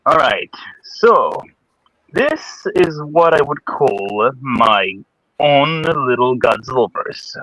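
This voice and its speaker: A man's voice: mid-range voice, big pitch swings, slow, a bit bright, no echo, poor audio. A man in a casual stream chat, talking hesitantly with many fillers. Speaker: stream guest.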